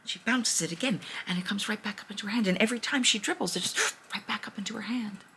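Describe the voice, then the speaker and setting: Gravelly expressive woman storyteller. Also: mid-range voice, quick pace, slight background noise, rough recording. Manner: animated and expressive. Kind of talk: improvised fairy-tale storytelling.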